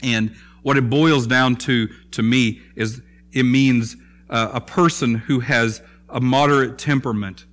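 A man preaching a sermon in a conversational way, often pausing with fillers and restarting his phrases. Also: mid-range voice, fairly even intonation, a bit bright. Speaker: pastor.

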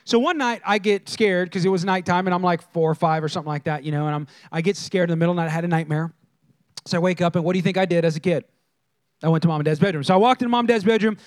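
Pastor, male, high voice, playful storyteller who works the crowd with questions. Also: racing, no room sound, clean studio sound. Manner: animated, engages the crowd with questions. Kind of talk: humorous storytelling sermon.

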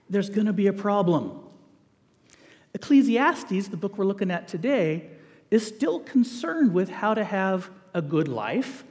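A middle-aged man delivers a sermon with a fairly high voice and a lively, joking manner. His words ring out with the long reverb of a large hall. He slips in playful asides to the congregation. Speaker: preacher.

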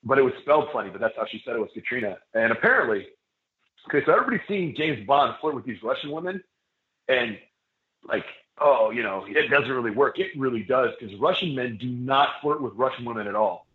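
Fast and sing-song at a medium pitch, the wrestler rambles through a long tale on a casual podcast, full of fillers and false starts. Echo and a phone-like lo-fi sound color the recording.

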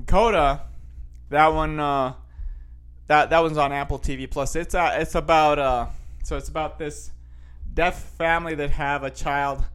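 Young man from Costa Rica, casual host; slightly high voice, loose rambling delivery full of fillers. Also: a bit bright. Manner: rambling, many fillers and restarts. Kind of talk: casual chat.

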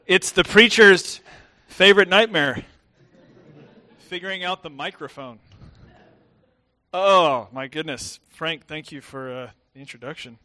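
A young adult man with a softened Southern American accent, preaching as a guest pastor in a chatty, self-deprecating way with many fillers and restarts. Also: a little high, unhurried, pauses often. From southern United States. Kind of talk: sermon.

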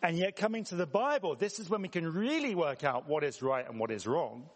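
An English man preaches a sermon in a church hall, talking conversationally and posing questions to the congregation. His voice sits on the high side, expressive and brisk, with reverberant hall acoustics.

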